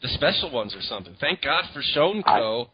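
A man's voice: mid-range voice, big pitch swings, a little fast, dull audio. A man hosting a casual interview, asking loose, chatty questions with a laugh. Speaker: podcast host.

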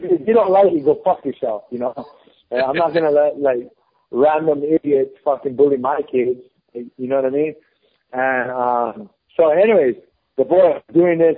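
A man's voice: medium pitch, slightly rough. A man in his thirties telling a story in a casual chat, blunt, heated and swearing often. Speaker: podcast guest. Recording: phone-like lo-fi podcast audio.

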